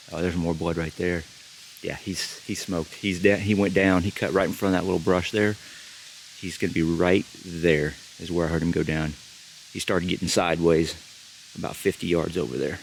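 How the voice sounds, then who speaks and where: A man filming himself on a hunt from a tree stand outdoors, talking into a handheld camera with bursts of excitement and hushed explanation. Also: slight background noise. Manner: breathless excited exclamations, then hushed low explanation. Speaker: bow hunter filming himself. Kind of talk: self-filmed hunting vlog.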